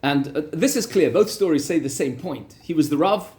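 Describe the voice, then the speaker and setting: A man, a rabbi, telling a story in a lively Torah lesson, repeating words for emphasis. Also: fairly high pitch, normal speed, a little hiss or hum. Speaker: rabbi teaching a weekly class.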